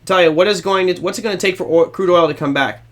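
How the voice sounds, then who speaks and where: A man's voice: sits high, fast. A man hosting a trading show, giving casual, rambling market commentary to his viewers with a self-deprecating touch.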